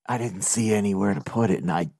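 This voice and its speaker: A man hosting a casual podcast chat, animated and self-mocking, laughing and swearing as he tells stories. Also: fairly low pitch, fast, no room sound, studio quality. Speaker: podcast host.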